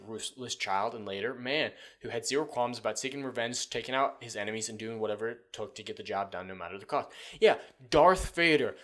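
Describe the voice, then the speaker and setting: A man's voice: medium pitch, a bit bright. A man hosting a commentary video, reading out an article and mocking it with sarcastic, profane asides. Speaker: commentary channel host.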